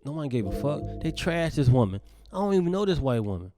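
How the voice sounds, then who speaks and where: A man from the United States, a comedian hosting a solo podcast, talking in a profane, emphatic rant that swings between loud bursts and hushed asides. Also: a little high, very animated, fast, over music.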